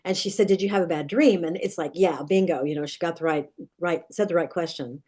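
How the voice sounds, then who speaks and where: A woman's voice: fairly low pitch, brisk, darkish tone, slightly rough. A middle-aged woman, a dream expert guest, earnestly retelling a childhood nightmare in vivid detail, with many restarts. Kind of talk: storytelling in an interview.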